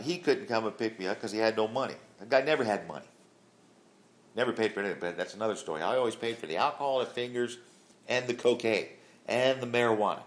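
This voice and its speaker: A middle-aged man telling a long personal story to his grown child in a plain, rambling way full of fillers. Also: fairly low pitch. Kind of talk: casual storytelling.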